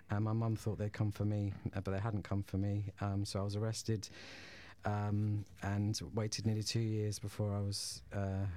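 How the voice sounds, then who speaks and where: A man speaking as a guest in a radio studio, in a low voice with a flat, steady tone. He talks hesitantly, pausing with ums and restarting sentences. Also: clear, resonant tone. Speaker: guest, former prisoner. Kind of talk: radio interview, personal story.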